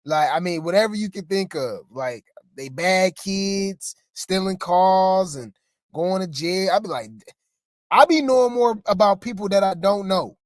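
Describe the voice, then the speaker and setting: Expressive and unhurried, an exasperated co-host chats casually about celebrity gossip, frequently speaking to the listeners. The voice is mid-pitched and the recording is dry and close, without any room around it.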